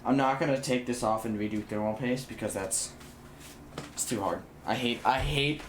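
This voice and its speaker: A young man talks casually to a live stream as he works on a computer build. He rambles, curses freely and trips over his own sentences. His pitch sits in the middle of the male range, and faint background noise runs under his voice. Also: normal speed. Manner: rambling and blunt, swears, restarts sentences. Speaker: livestreamer.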